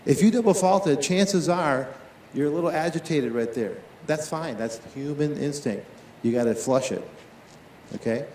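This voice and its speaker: A man teaching tennis in a live on-court demonstration, talking to his players and to watching coaches with quick, lively questions. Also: fairly high pitch, roomy sound, slight background noise.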